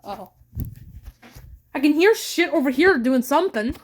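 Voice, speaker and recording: A woman's voice: high-pitched, expressive, a little slow. A scared woman vlogging from a home basement during a storm, anxiously asking the same questions over and over. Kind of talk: live vlog during a storm.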